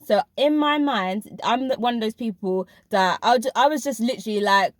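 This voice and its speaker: A woman's voice: fairly high pitch, moderate pace, few pauses, dry recording, clean studio sound. A woman, telling a personal story in a casual vlog. She talks emphatically and speaks straight to her viewers. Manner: emphatic, addresses viewers directly. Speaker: vlogger recounting a school job.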